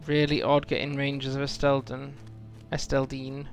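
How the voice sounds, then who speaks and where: A man's voice: medium pitch, completely flat delivery, normal speed, creaky, soft background music. A man streaming a game, chatting casually and rambling about lore with lots of fillers. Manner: musing, rambling lore talk with many fillers. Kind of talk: casual live-stream chat.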